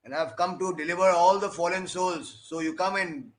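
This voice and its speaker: Preacher guy doing a god's voice from the sky, solemn and proclaiming, pitched up a bit. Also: brisk, close to an everyday voice, poor audio. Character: divine male deity speaking from the sky.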